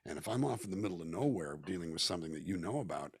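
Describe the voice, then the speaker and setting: Rapid-fire and husky, his deep voice carries lively intonation in a studio-quality recording free of room sound. The Southern California musician and actor is a guest in an easygoing video-call interview, talking thoughtfully and at length. He's reflective and talkative, playing out quoted voices.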